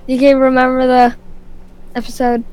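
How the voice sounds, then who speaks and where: A woman co-playing on a gaming stream, excitable and giggly, with dramatic outbursts. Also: sits high, normal speed, smooth, rough recording. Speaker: stream co-player. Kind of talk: casual gaming stream chat.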